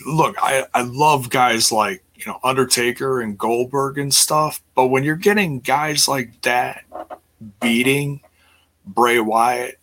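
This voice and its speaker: Middle-aged man, livestream host, bright forceful tone, casual rambling chat, lots of "you know". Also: mid-range voice. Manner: rambling, many fillers and restarts.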